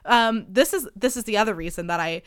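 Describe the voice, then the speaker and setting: A woman in her late twenties hosting a podcast, talking in a chatty, self-deprecating way with lots of fillers and sudden jumps in pitch. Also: brisk, smooth, dry recording, studio quality. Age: late 20s. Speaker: podcast host. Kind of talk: casual confessional chat.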